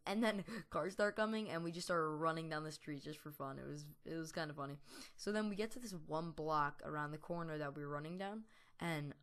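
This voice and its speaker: A man's voice: on the high side, a bit bright. Rambling teenage boy telling a story. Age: teens. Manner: rambling, full of fillers and restarts; laughs now and then while telling. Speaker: gaming YouTuber. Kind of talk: storytelling over gameplay commentary.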